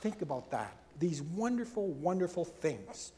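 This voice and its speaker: A male preacher gives a sermon in a mellow, high-set voice at a slightly slow pace, animatedly acting out quoted speakers with big swings in pitch and loudness. He drops in casual asides and rhetorical questions, and a long reverb suggests a large hall.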